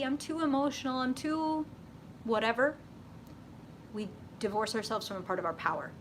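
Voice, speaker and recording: Woman tarot reader, high-ish voice, blunt, foul-mouthed, lively live-stream delivery, faint hiss behind. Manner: profane, animated, blunt.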